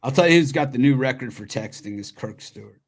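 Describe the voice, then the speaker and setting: A man of middling pitch hosting a live betting show. He runs through the matchups playfully, repeating names for laughs and rattling off numbers. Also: animated, quick pace. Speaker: host of live sports picks show. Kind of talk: live sports picks show chat.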